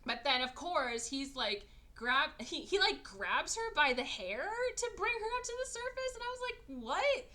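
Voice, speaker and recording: Bright, animated woman recapping a movie. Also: sits high, moderate pace, few pauses. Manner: animated, sarcastic, acts out characters in exaggerated voices. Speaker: podcast host. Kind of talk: casual movie recap chat.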